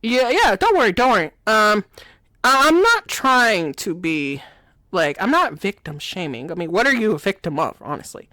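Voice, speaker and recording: A woman's voice: medium pitch, very animated, moderate pace, sharp tone, no echo. A woman talking in a rambling comic monologue, constantly laughing through her words and apologizing. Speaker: video creator.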